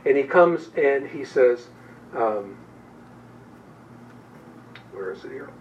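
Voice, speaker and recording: A man's voice: mid-range voice, animated, slow pace. Man teaching a Bible study, distant mic. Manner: conversational, with many fillers and restarts. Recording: distant, dull room recording with faint background noise.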